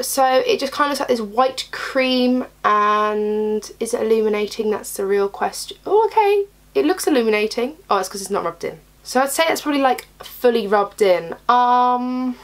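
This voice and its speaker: A young woman with a raspy, hoarse voice from a cold, chatting casually through a beauty box review. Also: a little high. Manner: chatty, rambling, candid. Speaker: beauty vlogger.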